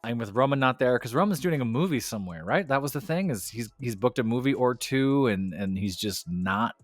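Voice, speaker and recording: A man co-hosting a wrestling podcast in casual chat, opinionated and animated, laughing often. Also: mid-range voice, fairly quick, no room sound.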